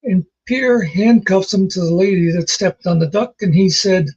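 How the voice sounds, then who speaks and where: A man's voice: high voice, moderate pace, a little mellow, breathy edge, highs cut off. A man casually telling jokes as host, rambling and folksy in his storytelling.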